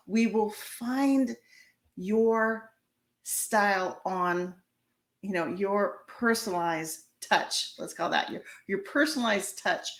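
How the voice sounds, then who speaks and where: A woman teaches couples how to handle a fight in a relaxed, coaching way. Her voice sits at an ordinary middle pitch, and she often pauses to restart a word before going on. The recording has a noticeable room echo. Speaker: couples therapist teaching a course. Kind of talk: casual spoken lesson. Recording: echoey room.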